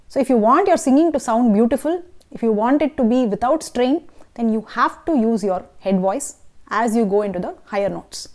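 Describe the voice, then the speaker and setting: A vocal teacher's voice, on the high side yet dark in tone, carries an Indian English accent. She explains singing technique instructively and checks in with listeners often.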